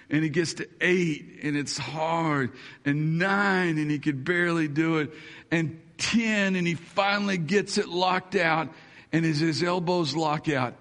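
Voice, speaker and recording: High-voiced preacher telling a story. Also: male voice, a little slow, fairly bright tone. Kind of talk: sermon storytelling. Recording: long hall reverb.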